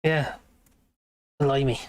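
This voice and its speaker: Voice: medium pitch, fairly even intonation, extremely slow. A British livestream host chatting in a rambling way, reading viewer comments aloud and laughing often. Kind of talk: rambling live chat.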